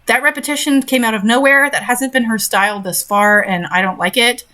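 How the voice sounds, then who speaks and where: A woman's voice: on the high side, brisk, hardly any pauses, pushed and bright. Young woman host reading and roasting a story, sarcastic and fed up. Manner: sarcastic, exasperated asides. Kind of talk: dramatic reading with commentary.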